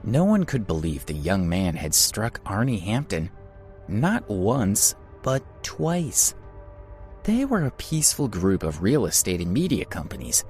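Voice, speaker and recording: Low-voiced expressive male storyteller. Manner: dramatic, expressive reading. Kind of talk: scripted story narration.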